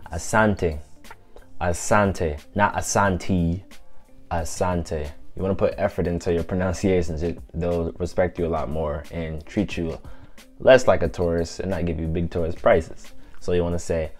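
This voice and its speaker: A man giving a casual vlog language lesson, repeating words slowly for pronunciation in a chatty, loose way. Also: low-pitched, steady tone, darkish tone, faint music behind. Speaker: language teacher vlogger.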